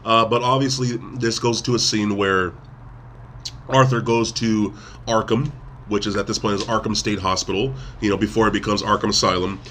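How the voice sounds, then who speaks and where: A man's voice: on the low side, steady tone, moderate pace, a bit bright, slight background noise. A man hosting a podcast, rambling through a casual movie recap and acting out quotes in between. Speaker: podcast host. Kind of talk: casual movie review chat.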